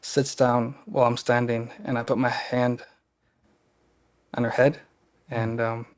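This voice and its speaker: A man's voice: medium pitch, flat delivery, a little slow. A man, a podcast guest, telling a personal story in a casual, earnest and openly emotional way.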